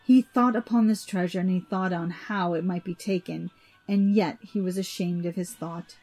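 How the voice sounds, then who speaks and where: A woman narrating an old myth in an even, measured storybook reading. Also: lowish voice, soft background music.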